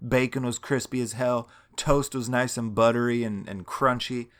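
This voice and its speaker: A man's voice: medium pitch, fairly even intonation, normal speed. A man telling a long story in a casual, rambling and profane way, laughing now and then.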